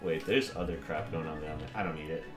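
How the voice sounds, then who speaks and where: A man's voice: a bass voice, steady tone, fast talker, echoey room, music in the background. A man chatting casually while playing a video game, rambling and joking and easily sidetracked. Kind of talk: casual let's-play banter.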